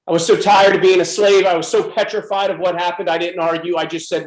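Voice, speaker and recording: Intense high-voiced man telling his story. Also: little pitch movement, fast, roomy sound, rough recording. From USA. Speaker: speaker at a club presentation. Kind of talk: personal testimony talk.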